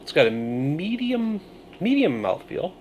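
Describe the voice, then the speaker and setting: A man reviewing a beer on his video channel, musing through his tasting notes with pauses and thoughtful hums. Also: on the high side, big pitch swings, background noise. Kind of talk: casual beer review vlog.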